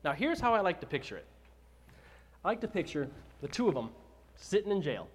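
A man preaching a sermon, retelling scripture with animated, dramatized storytelling. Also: high voice, fairly quick, slightly rough. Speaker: pastor.

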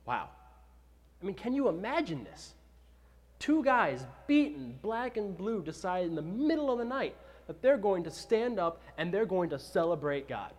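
Animated storytelling preacher, a man. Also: high voice, normal speed. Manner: animated storytelling, dramatizes scripture. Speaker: pastor. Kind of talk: sermon.

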